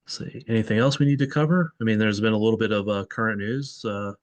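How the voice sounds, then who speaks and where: A man's voice: fairly low pitch, fast, dry recording. A man hosting a soccer podcast in casual chat, thinking aloud and correcting himself as he goes. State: tired. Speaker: podcast host.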